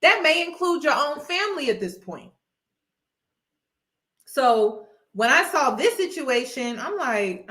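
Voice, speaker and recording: A woman's voice: high voice, sing-song, normal speed, fairly bright tone. Emphatic woman vlogger in an echoey room. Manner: emphatic, repeats points, addresses viewers as y'all. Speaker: vlogger commentator. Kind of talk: casual commentary.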